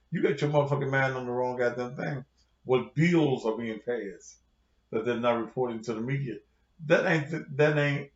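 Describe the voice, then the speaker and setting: A man who is a pastor, delivering a heated, confrontational rant full of cursing to his online audience. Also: mid-range voice. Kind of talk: profane livestream rant. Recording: roomy, dull lo-fi sound.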